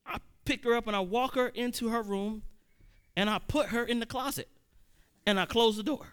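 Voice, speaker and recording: A man, likely in his thirties, preaching a sermon as a personal story, conversational with sudden loud emphatic peaks and frequent restarts. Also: extremely high pitch, moderate pace, smooth.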